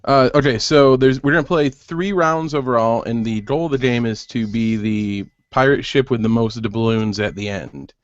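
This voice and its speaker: Male game designer, middle pitch, patient and methodical, dull lo-fi call audio. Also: no room sound. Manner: patient, methodical, with frequent "uh" pauses. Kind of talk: explaining game rules on a video call. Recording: muffled web call audio.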